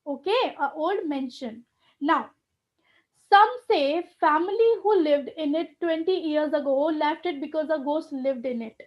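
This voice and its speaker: A woman's voice: high voice, normal speed, lo-fi sound. A woman teaching grammar in a live online class, explaining step by step and often checking in with "okay".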